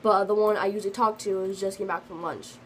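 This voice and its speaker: A woman's voice: medium pitch, steady tone, quick pace, a little hiss or hum, poor audio. A teenage girl telling a storytime vlog in a rambling, casual way, full of fillers, and slightly sick. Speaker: vlogger.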